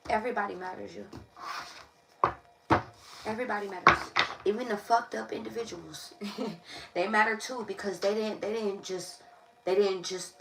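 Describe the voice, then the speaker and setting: A woman with a medium, slightly bright voice runs a tarot live stream, preaching emphatically and repeating herself constantly in an impassioned monologue. It was recorded in an echoey room on a distant mic, with faint noise present.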